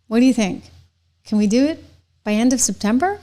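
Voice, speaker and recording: A woman's voice: a little high, lively intonation, brisk, mellow. A middle-aged woman hosting her own live online show, chatting casually with viewers and laughing often between stories.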